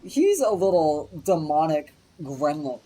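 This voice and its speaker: This man's voice is on the high side and unhurried, captured on a slightly rough, low-quality recording. It's casual storytelling on a stream: a rambling anecdote packed with profanity and lively quoted voices.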